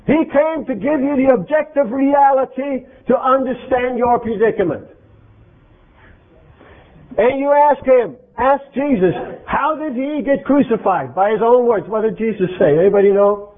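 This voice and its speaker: A man's voice: very high-pitched, moderate pace. A man preaching an interactive sermon, speaking emphatically and quizzing his congregation with questions. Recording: tinny phone-like lo-fi recording.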